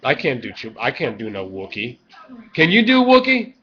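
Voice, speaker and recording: A man's voice: medium pitch, huge pitch swings, normal speed. Erratic ranting man, lo-fi audio. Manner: erratic, swings from mumbling to shouting. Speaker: vlogger. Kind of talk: rambling monologue rant. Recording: dull lo-fi webcam audio.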